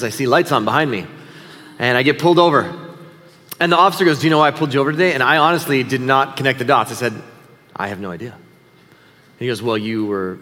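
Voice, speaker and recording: Storytelling pastor in a reverberant hall. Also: male voice, medium pitch, fairly bright tone. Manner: storytelling, conversational and self-deprecating. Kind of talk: sermon.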